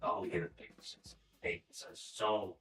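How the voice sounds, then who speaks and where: Man doing a raspy, smoky-voiced doting mom, low and cooing; roomy, distant take. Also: fairly even intonation, bright, forceful tone. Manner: cooing, drawn-out endearments. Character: older mother with a raspy smoker's voice, sweet and doting. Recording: roomy sound from a distance, music behind.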